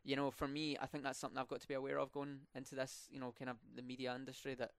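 A man's voice: mid-range voice, completely flat delivery, racing, clean tone, no echo. A young man from Scotland with a Scottish accent and rolled R's, chatting casually as a student podcast host, with many fillers and restarts. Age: young adult. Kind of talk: casual interview chat.

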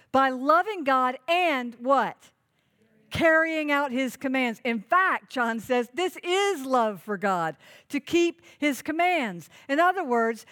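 A woman's voice: sits high, fairly bright tone. A woman pastor preaching a sermon, earnest and emphatic, asking the congregation questions.

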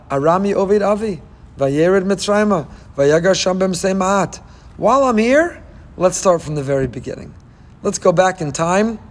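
A man preaches a Torah sermon, pitched a little high for a man. He reads Hebrew phrases and explains them, asking rhetorical questions. His voice rings with the long reverb of a hall. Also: a little mellow. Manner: reads Hebrew verses and translates line by line, asks rhetorical questions. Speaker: rabbi teaching Torah.

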